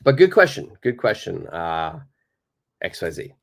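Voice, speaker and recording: A male English teacher giving a live online grammar lesson. He speaks slowly and patiently, repeating key points. His voice rises and falls a great deal as he stresses each point. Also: low-pitched, very animated, creaky. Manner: slow, explaining patiently with many repeats; reads out and answers viewer questions.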